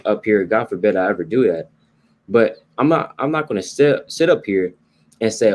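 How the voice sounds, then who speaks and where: Husky low-voiced man teaching scripture. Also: big pitch swings, moderate pace, a little mellow. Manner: informal, repeats points, tags lines with "right?" and "you know". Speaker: Bible teacher. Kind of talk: conversational sermon teaching.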